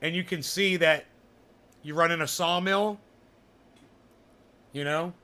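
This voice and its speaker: A man with a high, bright voice hosts a casual livestream chat. He rambles and swears freely, and his sarcastic asides spill out in loose, restarted sentences. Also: takes it slowly. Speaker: livestream host.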